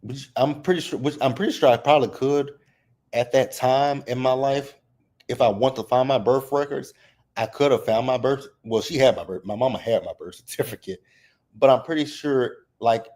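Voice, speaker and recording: A man's voice: mid-range voice, moderate pace, a little mellow. A man in his thirties hosting a casual livestream recap, open and emotional as he talks about his family and fights back tears. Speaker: reality TV recap host.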